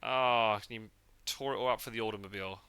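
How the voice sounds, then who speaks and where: Podcast host from the UK, man, very bright, lowish voice, loose rambling chat. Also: fairly even intonation, brisk, clean tone. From United Kingdom. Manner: chatty, rambling, full of fillers and restarts. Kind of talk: casual chat. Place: parked car.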